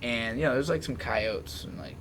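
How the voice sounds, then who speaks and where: A young man hosting a podcast, chatting casually and telling slangy stories about friends, now and then mimicking them in loud bursts. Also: medium pitch, moderate pace, noisy background. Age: young adult. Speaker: podcast host. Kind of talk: casual chat.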